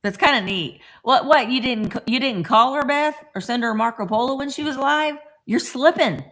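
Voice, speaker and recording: A middle-aged woman hosts a casual morning live stream from home, saying hello to viewers by name. Her voice is high-pitched, a bit bright, and a little fast.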